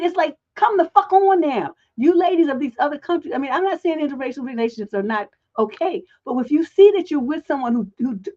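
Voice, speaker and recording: A woman's voice: high-pitched, darkish tone, muffled recording. A woman relationship coach on a livestream advice show, talking bluntly with heavy profanity.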